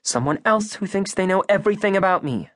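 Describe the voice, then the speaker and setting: Male narrator playing a fiery young woman, raised pitch, sarcastic bite, storybook read. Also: animated, fairly quick, no room sound, clean studio sound. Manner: sharp and sarcastic.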